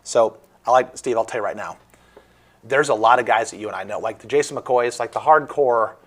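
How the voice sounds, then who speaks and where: A man's voice: medium pitch, brisk. A man with a Midwestern American accent hosting a casual political talk show, joking and rambling as he speaks.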